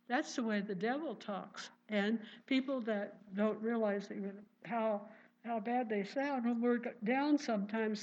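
A woman preaching a sermon with fervent conviction and repeated exclamations of praise. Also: a little high. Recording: dull lo-fi recording.

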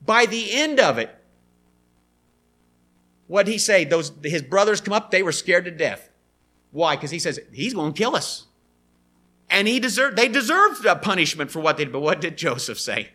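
A man preaching a sermon in an animated way, acting out the quoted voices. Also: high-pitched, moderate pace, pauses often.

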